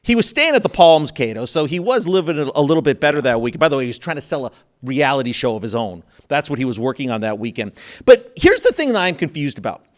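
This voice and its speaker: A man's voice: medium pitch, sing-song, quick pace. A man hosting a casual interview, joking and asking leading questions. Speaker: host.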